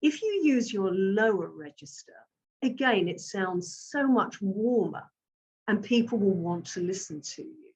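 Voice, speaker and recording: A middle-aged woman giving a communication coaching talk to camera, with an emphatic, measured delivery. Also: mid-range voice, animated, darkish tone.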